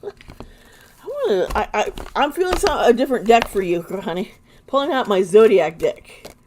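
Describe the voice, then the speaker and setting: A woman's voice: mid-range voice, very animated, normal speed, background noise. A woman giving live tarot readings to viewers, chatty and blunt, often laughing as she talks. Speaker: tarot reader.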